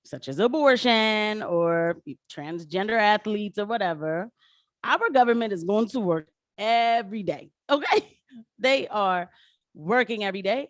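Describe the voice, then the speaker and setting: A woman talking straight to her livestream audience in a loose, slangy way, calling them y'all and breaking off into asides. Her voice sits at a middle pitch. The sound is dry and close, with no room echo. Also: measured pace. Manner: chatty, slangy, animated, addresses viewers as y'all. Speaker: political commentator livestreaming. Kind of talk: casual livestream talk.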